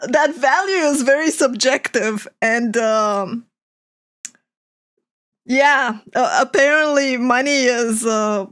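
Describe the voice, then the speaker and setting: A woman streamer reacting to a video, laughing often and exclaiming in disbelief. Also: fairly high pitch. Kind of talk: casual reaction commentary.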